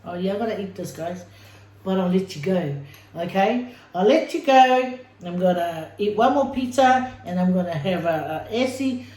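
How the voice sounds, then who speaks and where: A woman's voice: medium pitch, expressive, moderate pace, darkish tone. Chatty woman vlogger in an echoey room. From Samoa. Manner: chatty, playful, talking while eating. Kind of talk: casual mukbang chat.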